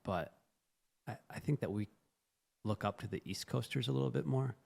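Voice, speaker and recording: A man's voice: medium pitch, moderate pace, gravelly, a little mellow. A man from the American Midwest with a Midwestern accent, chatting casually on a podcast in a self-mocking way. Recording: echoey room.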